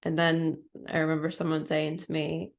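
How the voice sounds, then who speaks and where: A woman with a fairly low voice tells a personal story as a podcast guest. Her delivery is casual and reflective, and she leans on "like" and "you know" as she goes. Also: monotone, moderate pace, gravelly, lo-fi sound.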